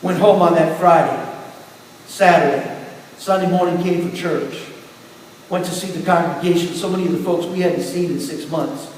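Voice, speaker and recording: A middle-aged man pastor preaching a sermon with personal testimony, telling his story in turns quiet and emphatic. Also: high-pitched, fairly even intonation, normal speed. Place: church sanctuary. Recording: echoey hall from far off, faint hiss.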